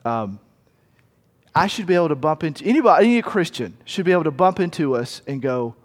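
Speaking in a somewhat raised register, this animated male pastor preaches in a conversational way. Murmured asides and quick little performances break up his sermon, all trailing a long echo from the hall.

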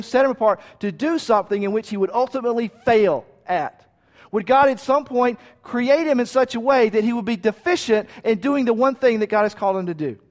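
A man preaching a sermon with emphatic repeated lists, sometimes dropping to a quiet hush. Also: high-pitched. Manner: drops to a quiet hush at key points. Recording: long reverb of a large hall.

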